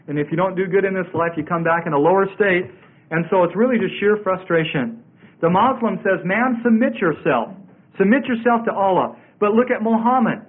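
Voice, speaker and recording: A man with a high, light voice preaches a sermon, leaning on each phrase and repeating scripture references for emphasis. He comes through a tinny, narrow-band radio broadcast. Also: a little fast.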